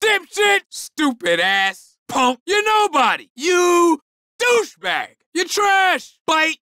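Shrill hot-headed game cop, sharp bright voice, shouting a lot. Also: male voice, sing-song, slow, no echo, studio quality, heavily acted. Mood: irritated. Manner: barking, confrontational insults and orders. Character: high-voiced short-tempered male police officer. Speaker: police officer NPC. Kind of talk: video game voice lines.

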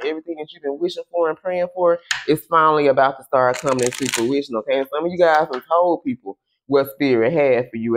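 Man, tarot reader, casual, fairly high voice, faint background hiss, slow drawn-out questions, swears, says "okay?" a lot. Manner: chatty, tags lines with "okay?" and "y'all"; slow, drawn-out repeated questions to Spirit while shuffling. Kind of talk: casual tarot reading to camera.

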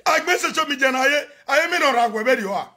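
A Nigerian man on a phone live video, ranting and chanting loudly, often shouting and switching between Pidgin and local languages. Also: very high voice, lively intonation, fast. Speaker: social media personality on a live video. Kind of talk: animated live-stream rant and chanting.

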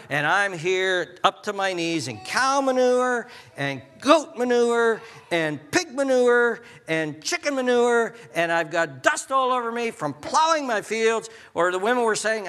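A man preaching a sermon as pastor, emphatic, slowing down for scripture and swinging between low asides and high exclaims. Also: lively intonation, sharp tone. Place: church sanctuary. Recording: long hall reverb.

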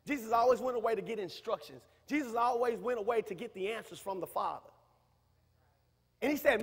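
A man, preaching a sermon in a church, who repeats himself and rises to shouts. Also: sits high, a little fast, husky. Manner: preaching, rising to shouts, talkative, repetitive. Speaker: minister. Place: church sanctuary. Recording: reverberant church hall.

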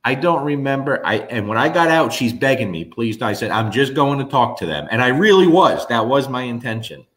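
In a mid-range voice, this middle-aged New Jersey man talks briskly and with few pauses. Hosting a casual chat with viewers, he spins lively stories that ramble and restart along the way.

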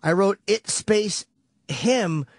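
A man's voice: sits high, animated, extremely slow, no room sound, studio quality. A man on a radio show rambling through a long, profane story in casual talk. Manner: profane, rambling, vivid retelling.

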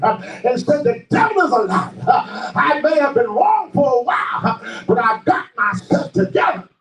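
A man with a high voice preaches a call-and-response sermon, his pitch swooping up into shouts. He fills his lines with "uh" and "my God". The sound is roomy, picked up from a mic some way off in a church. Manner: many filler "uh" and "my God" interjections. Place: church sanctuary. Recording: echoey room, mic at a distance.

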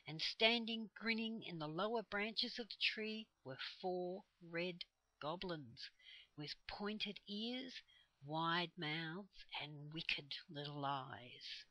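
An older woman reads a children's storybook aloud, gentle and expressive, taking her time over every line. Her voice is bright and forward, and the sound is close and dry. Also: on the low side, takes it slowly, no room sound, low-quality recording. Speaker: storyteller reading a children's book.

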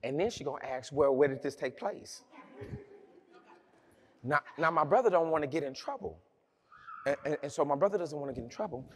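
A man's voice: on the high side, expressive, fast talker, husky. A man preaching a sermon, telling a personal story in a conversational, humorous way with many restarts.

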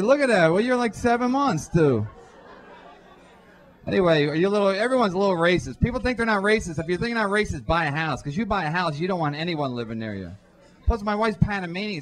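A man performing a profane stand-up routine on a comedy club stage, throwing quick asides to the crowd through a handheld mic. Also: a little high. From Irish-American.

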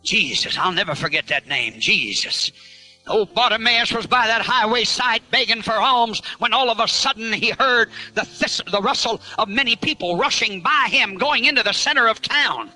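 A male preacher giving a fiery revival sermon, telling a story and shouting out to the crowd. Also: very high-pitched, moderate pace, few pauses, faint music behind, low-quality recording.

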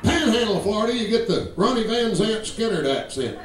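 A stand-up comedian with a Georgia accent, talking brash and profane and mimicking regional accents. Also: male voice, high voice, expressive, a little fast, heavy background noise. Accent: Southern US, Georgia. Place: comedy club stage. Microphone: stage microphone. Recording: roomy live club recording from a distance. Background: audience laughter.

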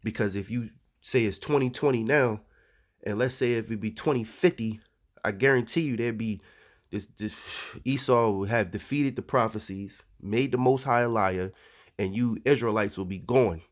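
A man of medium pitch speaks at a normal speed, teaching scripture informally. As a religious teacher, he reads verses aloud in a conversational way and frequently adds asides.

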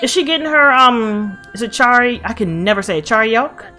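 Excitable woman reacting to anime. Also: a little high, a little fast, soft background music. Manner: excitable, cursing, talks back to the screen. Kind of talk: casual reaction commentary.

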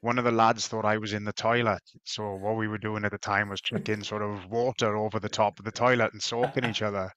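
Low, flat-voiced man with a bright, crisp tone. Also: fast, hardly any pauses, dry recording. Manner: easygoing storytelling. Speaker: podcast host. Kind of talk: casual chat.

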